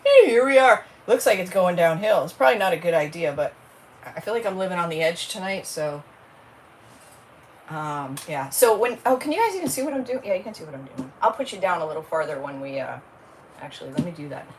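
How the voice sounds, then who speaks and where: A woman's voice: fairly low pitch, very animated, brisk, slight background noise, poor audio. A woman, hosting a casual crafting livestream, chatty and rambling as she greets viewers by name.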